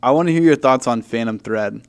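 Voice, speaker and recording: A young man hosting a podcast, chatting casually about movies in an animated way and laughing often. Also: medium pitch, brisk, smooth. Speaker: podcast host.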